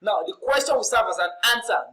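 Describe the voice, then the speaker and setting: A man teaching an exam-prep lesson as a tutor, explaining step by step, repeating key points and reading the questions out slowly. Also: high voice, animated, bright, forceful tone, low-quality recording.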